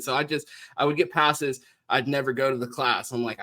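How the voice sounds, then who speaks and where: A young man co-hosting a sports podcast, telling school stories in a casual, animated way and laughing often. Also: mid-range voice, brisk, few pauses. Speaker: co-host.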